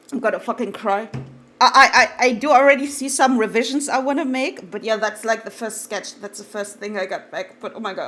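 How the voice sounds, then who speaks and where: A woman streaming live, chatting casually and gushing excitedly, swearing freely and trailing off into fillers. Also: on the high side, slight background noise.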